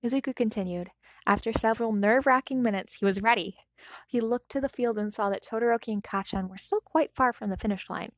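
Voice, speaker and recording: A woman reading a fanfiction story aloud, then gushing softly about it. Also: a little high, quick pace, dry recording. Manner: gushing, soft-spoken commentary after reading. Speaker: fanfiction reader.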